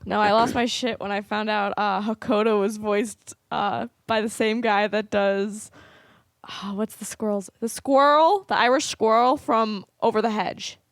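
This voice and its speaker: A woman's voice: mid-range voice, steady tone, measured pace, no echo. A woman co-hosting a casual podcast, talking eagerly and reading aloud from an article. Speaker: podcast co-host. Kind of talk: casual chat.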